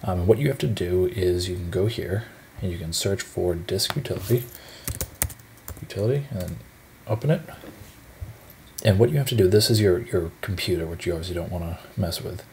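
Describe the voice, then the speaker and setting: A young man with a low, deep voice talks through a computer tutorial. He sounds relaxed and rambling, with plenty of fillers. A faint hiss of room noise sits under his voice. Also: fairly quick, vocal fry, pauses often. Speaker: shop owner giving a tutorial. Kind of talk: casual screen-recorded tutorial.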